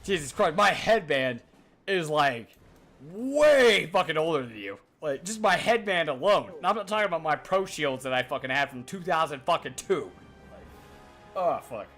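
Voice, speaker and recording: A man's voice: on the high side, big pitch swings, moderate pace, a bit bright, faint music behind. A man in his thirties chatting casually while streaming a game, rambling, swearing often and talking to his chat. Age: 30s. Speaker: gaming streamer.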